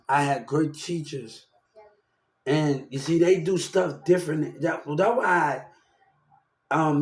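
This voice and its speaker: Heated young man with a high voice. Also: a little mellow, echoey room. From New Orleans, Louisiana. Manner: rambling, heated, swears often. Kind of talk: casual ranting monologue.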